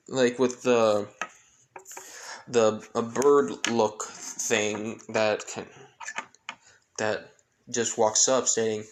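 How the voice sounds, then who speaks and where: A man casually retelling a fan-made story, rambling and halting, stumbling over names as he goes. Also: mid-range voice, animated.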